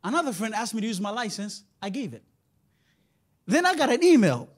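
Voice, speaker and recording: Very high-voiced male preacher. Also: sing-song, fairly quick. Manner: conversational, asks the listener rhetorical questions. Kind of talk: sermon.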